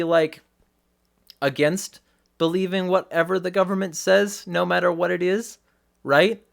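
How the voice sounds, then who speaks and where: A man's voice: high-pitched, gravelly. A man hosting a livestream, giving blunt, profane commentary and often restarting mid-sentence. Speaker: host.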